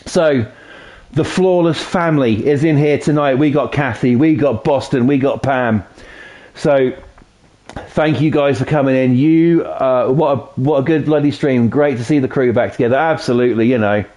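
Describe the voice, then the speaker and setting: A mellow-voiced man with a Norfolk accent chats casually to his stream audience. He rambles through a story with lots of swearing and loose asides. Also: mid-range voice, moderate pace. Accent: Norfolk English. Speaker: game streamer. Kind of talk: casual live-stream chat.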